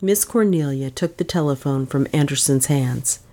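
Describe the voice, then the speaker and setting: A woman reading a novel aloud as an audiobook narrator, with expressive storytelling. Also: extremely low pitch, moderate pace. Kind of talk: scripted narration.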